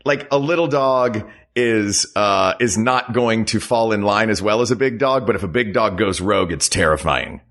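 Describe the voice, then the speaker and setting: A man co-hosting a comedy podcast, talking casually with deadpan jokes and thinking aloud. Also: fairly low pitch, normal speed, few pauses. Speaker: podcast co-host.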